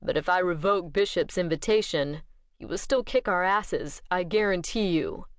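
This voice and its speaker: A woman's voice: lowish voice, normal speed, no echo, studio quality, close to an everyday voice. Audiobook figure: strained young male vampire, terse, read by a woman. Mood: tense.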